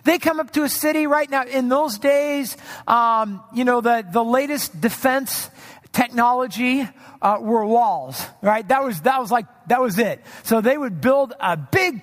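A man preaching a sermon in a conversational way, acting out quoted voices with shifts in pitch. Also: measured pace, long reverb tail. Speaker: pastor.

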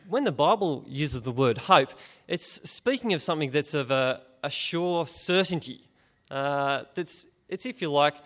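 Brief: middle-aged man, fairly high voice, chatty preacher who questions the listener. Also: a bit bright. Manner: conversational, asks the listener direct questions. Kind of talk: informal gospel talk.

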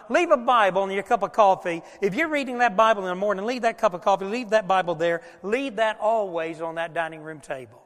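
Folksy older preacher, high bright voice. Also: male voice, fast talker, big-room sound. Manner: folksy, animated, with loud bursts. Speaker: pastor. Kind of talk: sermon. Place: church sanctuary.

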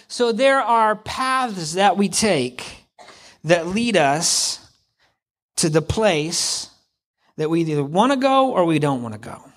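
A man's voice: high voice, a bit bright. A middle-aged man preaching in a conversational way, repeating lines for emphasis. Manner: conversational, acts out hypothetical quotes, repeats for emphasis. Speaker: pastor. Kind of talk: sermon.

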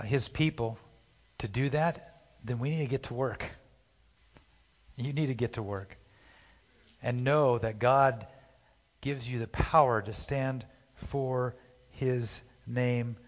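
A man preaching a sermon, impassioned, swinging from loud urging to hushed pleading, recorded in a church sanctuary. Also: medium pitch, fairly even intonation, takes it slowly, pauses often. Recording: dull, roomy church hall sound.

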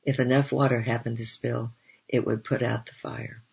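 A man reading a first-person memoir aloud, at a steady, even pace. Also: mid-range voice, moderate pace, creaky, breathy edge. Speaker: audiobook reader. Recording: dull, lo-fi recording.

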